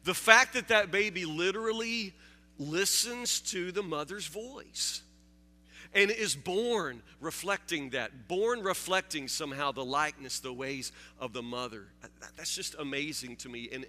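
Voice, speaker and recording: A man preaching a sermon, halting and repeating words, joking with his listeners. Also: on the high side, lively intonation, pushed and bright, faint music behind. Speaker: pastor. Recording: long hall reverb.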